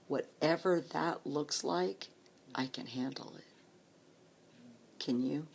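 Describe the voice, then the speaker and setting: A woman in her late forties speaking slowly and softly in a personal vlog, often close to a whisper, holding back tears. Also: low voice, vocal fry, husky. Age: 40s. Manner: slow, soft-spoken, often near a whisper, earnest. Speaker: vlogger.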